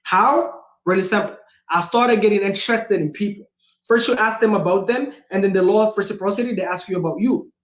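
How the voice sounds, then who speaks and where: A man hosting a livestream as a real estate investor, speaking in a casual, energetic, emphatic way and repeating phrases for punch. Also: sits high, fairly quick, echoey room. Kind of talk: casual motivational talk.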